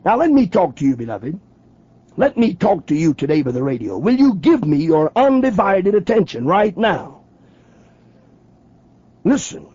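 Man, radio preacher, high lively voice, husky, emphatic, dull dry old broadcast sound. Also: moderate pace, no room sound. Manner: emphatic, questioning the listener directly. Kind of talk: radio sermon.

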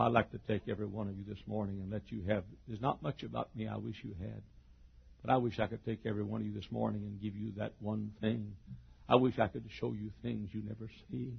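Gravelly preacher, husky, lo-fi. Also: male voice, on the low side, flat delivery, a little fast. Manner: swings from quiet storytelling to shouted preaching. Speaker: pastor. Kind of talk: sermon. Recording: dull lo-fi sermon recording.

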